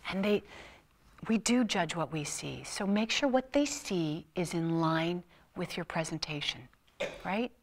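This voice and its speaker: A woman motivational speaker giving a live talk to an audience in a university lecture room, animated and playful, swinging her voice up and down. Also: unhurried. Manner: animated, playful, big swings in pitch and loudness. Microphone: room mic on a filmed talk.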